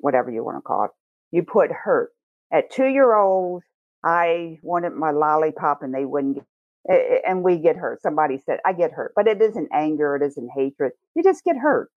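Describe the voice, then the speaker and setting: A woman's voice: low voice, animated, moderate pace, no echo. A woman explaining emotions conversationally, acting out feelings in the first person as she teaches. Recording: tinny phone-like line, dry.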